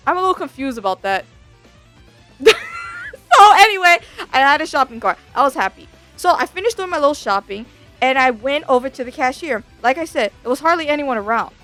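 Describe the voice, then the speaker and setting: A woman VTuber telling a story in a casual, slangy rant, swearing freely. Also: high-pitched. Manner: animated, slangy, swears a lot.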